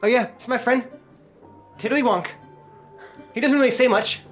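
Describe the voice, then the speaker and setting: A man's voice: very high-pitched, moderate pace, fairly bright tone, soft background music, pitched above the performer's own voice. A man voicing a big, friendly, dim-witted male giant warrior who rambles heartily. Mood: jovial.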